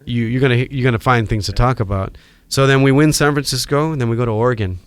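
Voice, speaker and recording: A middle-aged man from Hawaii with a Hawaiian accent, telling animated stories as a podcast guest. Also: medium pitch, quick pace, clear, resonant tone, no room sound. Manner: animated storyteller acting out quoted voices. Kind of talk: storytelling in a podcast interview.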